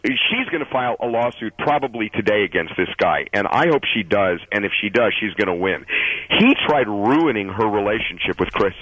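A man's voice: on the low side, expressive, brisk, fairly bright tone, dry recording, poor audio. A man giving a celebrity news rundown as a radio guest, stammering and emphatic as he gets worked up.

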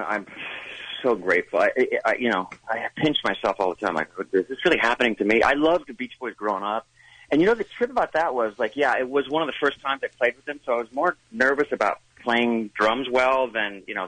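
A man's voice: mid-range voice, a bit bright, no echo, rough recording. Guy guest on a radio show, rambly and kinda unsure of himself, voice moves around a lot, dry close sound. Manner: rambling, self-deprecating, halting. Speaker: guest, actor and musician. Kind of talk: casual interview chat.

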